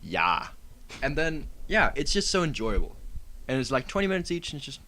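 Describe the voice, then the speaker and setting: A man's voice: mid-range voice, big pitch swings, fairly quick, bright, forceful tone. A man co-hosting a podcast, eagerly and ramblingly recounting what he has watched. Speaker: podcast co-host. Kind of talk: casual chat.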